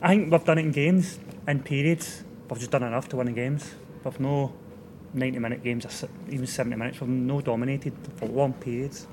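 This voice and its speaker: A man's voice: medium pitch, fairly even intonation, fairly quick, darkish tone. A Scottish man, a football manager, talking frankly in a casual interview. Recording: background noise.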